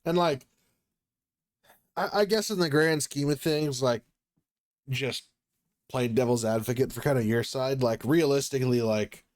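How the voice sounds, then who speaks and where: A young man in casual podcast chat, talking his way around a point with frequent ums and false starts. His voice sits at an ordinary middle pitch for a man. He rambles and hedges as he works out his thoughts. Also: unhurried, pauses often, a little mellow. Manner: rambling, hesitant with many ums and restarts. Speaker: podcast co-host.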